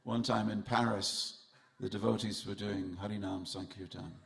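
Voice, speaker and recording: A man's voice: fairly low pitch, fairly even intonation, moderate pace, gravelly. A man giving a festival sermon in a temple hall, telling humorous stories and speaking straight to his audience. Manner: humorous storytelling, addresses the audience directly.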